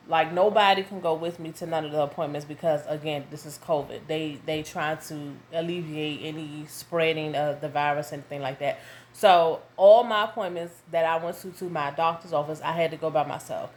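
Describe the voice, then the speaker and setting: Lady in her 30s doing a storytime vlog, kinda low voice, lively, faint hum behind her. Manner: animated, quick asides to her audience. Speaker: vlogger. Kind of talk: casual storytime chat. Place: home with her young son nearby.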